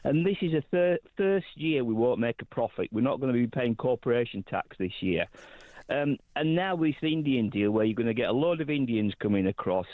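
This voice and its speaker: A man's voice: mid-range voice, lively intonation, fairly quick, no room sound. A man from Yorkshire with a Yorkshire accent, phoning a radio show to complain in a blunt, indignant way. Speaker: caller. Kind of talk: phone-in rant. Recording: dry tinny phone line.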